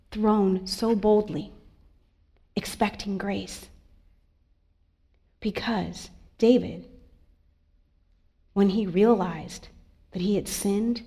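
Delivering a sermon in church, a female pastor speaks in a mid-range voice with an earnest, confiding tone, alternating quiet asides with forceful statements.

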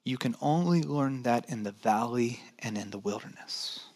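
A man preaching a sermon in a dynamic, conversational way, dropping to soft near-whispers and rising to emphatic points, with joking asides. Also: mid-range voice, moderate pace. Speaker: pastor.

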